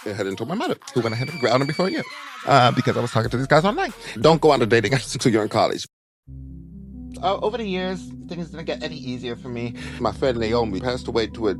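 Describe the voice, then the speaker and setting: A young American man vlogging his life story, expressive and dramatic, jumping into high voices. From United States. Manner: animated, dramatic, leaps into high voices for quotes. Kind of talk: personal storytelling monologue.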